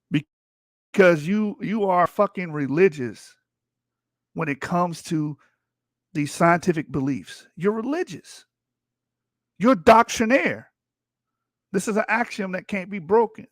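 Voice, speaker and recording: Speaking slowly and expressively in a high voice, with many pauses, a man on a livestream reads from a textbook and argues back hard, cursing as his intensity climbs. The streaming mic captures clean studio sound without echo.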